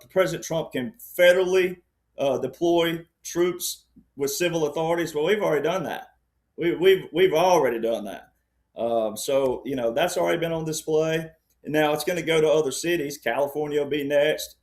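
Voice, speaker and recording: Man, panel guest, political commentary, rambling and insistent, a touch high-voiced. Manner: rambling, insistent, often says "all right".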